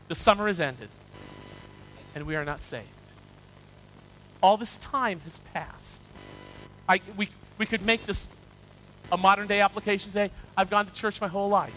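A man's voice: high-pitched, sharp tone, low-quality recording. A male pastor preaching a sermon, acting out people's excuses in quoted voices and reading scripture aloud.

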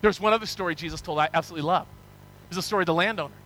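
A male preacher with a notably high voice delivers a sermon, retelling parables with animated energy. His tone is bright and ringing, and he often restarts or repeats words as he talks. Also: rapid-fire, rough recording. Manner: animated storytelling, acting out parable characters. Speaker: pastor.

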